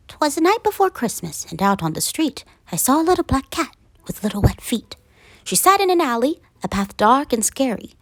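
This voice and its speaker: A woman reading a rhyming children's picture book aloud in an animated, singsong way. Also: sits high, normal speed, no room sound. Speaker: read-aloud narrator.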